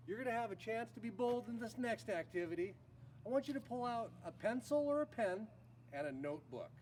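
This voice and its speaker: A man leading a children's Bible school, teaching a game slowly and leading shouted call-and-response lines. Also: very high voice. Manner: slow, animated, leads shouted call-and-response. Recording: distant mic with faint noise.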